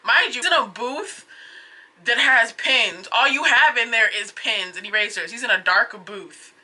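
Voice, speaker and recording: A woman's voice: a little high, unhurried. A young woman vlogger recounting a frustrating run-in in a casual, exasperated way, full of "like"s. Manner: exasperated, animated retelling with many "like"s. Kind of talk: casual storytelling vlog.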